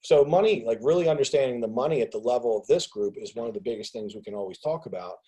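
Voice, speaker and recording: A man hosting a business group call on a video call, talking casually in an animated rant. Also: mid-range voice, fast, husky, low-quality recording. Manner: animated ranting, acts out others' voices. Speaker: host of a business mastermind call.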